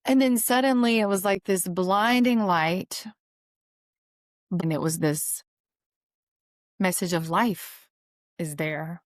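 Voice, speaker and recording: A woman's voice: lowish voice, steady tone, slow pace, pauses often, no echo, studio quality. A woman hosting a podcast, talking earnestly through a reflective spiritual monologue, repeating phrases for emphasis with light laughs. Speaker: podcast host.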